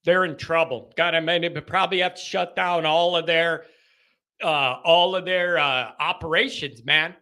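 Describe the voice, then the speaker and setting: A man in his thirties hosting a call-in sports show, rambling through jokey rants and reading fan comments aloud, with sudden shouts. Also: fairly high pitch, fairly even intonation, normal speed.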